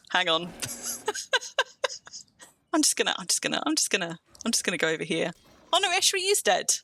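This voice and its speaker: Chatty and self-mocking, this English woman rambles through a live-streamed game, her near-standard accent carrying a faint Kentish twang. Her voice is medium-pitched with a sharp tone, and there's no echo.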